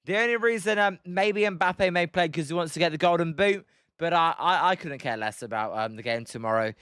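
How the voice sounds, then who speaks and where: A man with a British accent giving excitable live play-by-play commentary as a streamer, greeting viewers and chatting between pitches. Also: a little fast, clear, resonant tone, no room sound, clean studio sound. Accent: British English. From Britain. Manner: chatty, excitable, greets viewers and reads chat mid-call.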